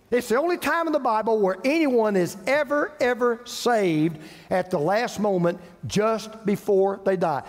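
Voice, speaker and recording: A male pastor delivers his sermon in a high, expressive voice, repeating key phrases and letting dramatic pauses land. His voice rings out with the long reverb of a large hall. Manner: preaching with dramatic pauses and repetition.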